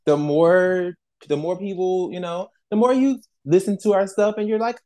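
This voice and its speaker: A man co-hosting a podcast in casual chat, animated and slangy, laughing often. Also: high voice, fairly quick, hardly any pauses. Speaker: podcast co-host.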